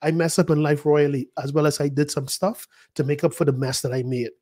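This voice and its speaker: A middle-aged man preaching a sermon as pastor, praying aloud and telling a personal story, swinging between loud and hushed. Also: fairly high pitch, fairly even intonation, brisk. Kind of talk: sermon with prayer.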